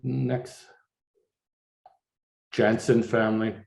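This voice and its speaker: An older man from Canada walks an audience through his slides in a low voice, stopping and restarting often, his words padded with "uh" and "you know." The room is echoey, like a lecture hall. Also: flat delivery, creaky, a little mellow. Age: 60s. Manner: halting, many fillers and restarts. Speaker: artist giving a slide lecture.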